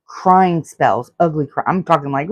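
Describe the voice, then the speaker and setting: A woman's voice: low voice, darkish tone, dry recording, dull audio. Host, woman in her forties, earnest self-help advice, dry close recording. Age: 40s. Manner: earnest, repetitive, advice-giving. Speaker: podcast host. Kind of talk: solo self-help podcast talk.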